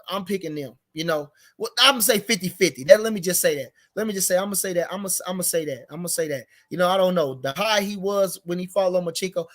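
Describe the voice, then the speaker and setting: Rambling heated man talking boxing. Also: high-pitched. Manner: rambling, repeats himself, gets heated and emphatic. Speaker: boxing commentary show host. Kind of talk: casual unscripted boxing talk.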